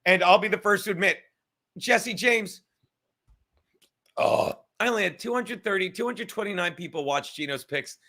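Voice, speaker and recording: Man, young, comedian host, high voice, bright edge, profane, rambling, at home. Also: normal speed. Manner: profane, rambling, self-mocking. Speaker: comedian and sports show host. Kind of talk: casual livestream rant. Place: his apartment.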